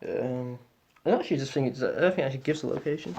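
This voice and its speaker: Teen male co-host, Northern English accent, rambling and hesitant, mid-pitched voice. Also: very fast, darkish tone. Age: teens. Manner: hesitant, rambling, many restarts. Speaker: podcast co-host. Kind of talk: casual chat.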